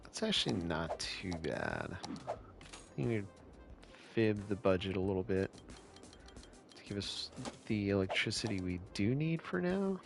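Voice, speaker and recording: A man from California talks his way through a live game stream, relaxed and chatty as he answers viewers. His voice sits low and gravelly, and he takes his time with every phrase. Quiet music plays underneath. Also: measured pace, long pauses. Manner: laid-back, chatty, answers chat questions. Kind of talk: casual live-stream commentary while playing.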